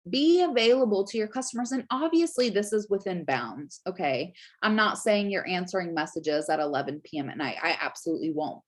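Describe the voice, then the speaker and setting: Young woman vlogger, casual and chatty, peppers talk with "like" and "right?", plain camera mic at home. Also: fairly low pitch. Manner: chatty, lots of fillers and "right?". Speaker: Scentsy consultant giving business tips.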